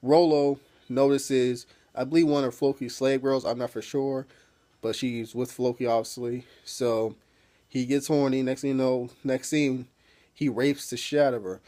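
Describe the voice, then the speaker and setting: A man's voice: mid-range voice, fairly even intonation, normal speed, warm tone. A man casually recapping a TV episode as a reviewer, rambling with many fillers and swearing freely.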